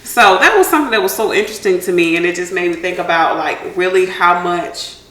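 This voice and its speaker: A woman telling stories in a casual podcast chat, lively and laughing as she talks. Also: on the low side, brisk. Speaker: podcast co-host. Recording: echoey room, faint hiss.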